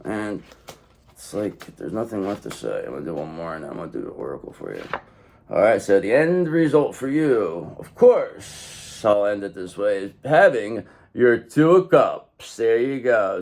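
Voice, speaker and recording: A man reading tarot cards in a casual monologue, animated, talking straight to the viewer and swearing now and then. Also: mid-range voice. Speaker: tarot reader.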